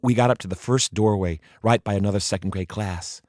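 A man telling a story from his own childhood as a performed piece, acting out the voices and dropping to a hush for suspense. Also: on the low side, brisk, no echo, studio quality. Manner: acts out the children's voices, drops to hushed tones for suspense.

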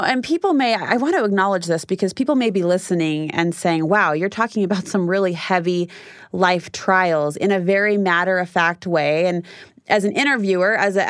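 A woman's voice: mid-range voice, a bit bright, clear, resonant tone, dry recording, studio quality. A woman hosting an interview, asking thoughtful, articulate questions. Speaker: podcast host, interviewer. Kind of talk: conversational interview.

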